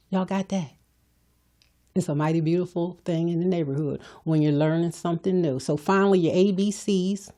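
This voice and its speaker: Older woman, podcast host, low voice, warm mellow tone, folksy preachy talk. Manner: preachy, folksy, addresses listeners directly. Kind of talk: motivational talk.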